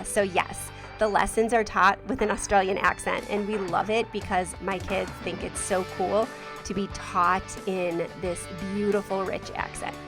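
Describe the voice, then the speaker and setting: A woman in her forties hosting a podcast, chatting casually and enthusiastically about family life and reading a sponsor message. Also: medium pitch. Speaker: podcast host.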